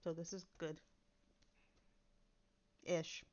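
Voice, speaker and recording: A woman's voice: on the low side, flat delivery, extremely slow, a little mellow. A woman content creator in casual chat, blunt and direct, swearing casually. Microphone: built-in computer mic instead of her usual microphone. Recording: dull lo-fi sound from a computer's built-in mic.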